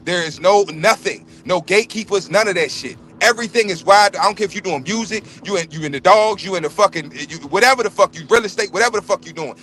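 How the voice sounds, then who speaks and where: A man delivers a heated, profane rant to the panel. His voice sits high and bright. He talks bluntly and repeats his points for emphasis. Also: quick pace, few pauses, a little hiss or hum. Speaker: livestream panelist. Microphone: remote livestream call.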